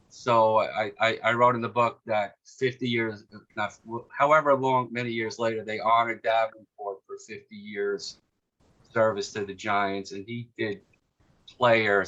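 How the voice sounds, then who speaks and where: A man in his sixties with a New York accent, spinning a long anecdote full of restarts and asides. His voice sits low with a bright, forceful edge. The recording is dull and lo-fi. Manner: rambling anecdotal storytelling, many fillers and restarts. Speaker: author and guest. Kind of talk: storytelling in an interview. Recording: muffled lo-fi audio.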